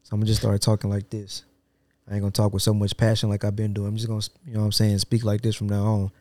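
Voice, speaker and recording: A man's voice: fairly low pitch, very fast, dry recording. Brief: male podcast co-host, playful, slangy banter, dry close-mic sound. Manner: joking, animated, slangy. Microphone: studio podcast mic.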